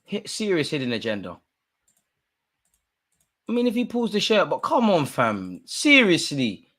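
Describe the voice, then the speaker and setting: A man co-hosting a live football watch-along, exasperated and heckling the referee, dropping into mutters and rising to shouts with plenty of street slang. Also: a little high, huge pitch swings, measured pace. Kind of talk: live match commentary and banter.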